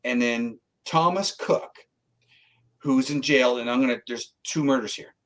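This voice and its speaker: This middle-aged Canadian man, a guest psychic, has a medium-pitched voice and an unhurried delivery, captured on a rough recording. In a casual interview he animatedly tells a story, performing the voices of its characters.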